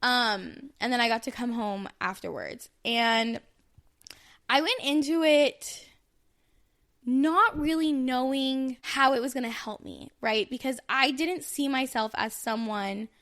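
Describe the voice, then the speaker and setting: A woman in her thirties shares her own story in a loose, candid podcast chat. Her voice sits a little high, and she rambles with plenty of fillers and restarts. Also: slow, fairly bright tone. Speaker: podcast co-host. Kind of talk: casual personal storytelling.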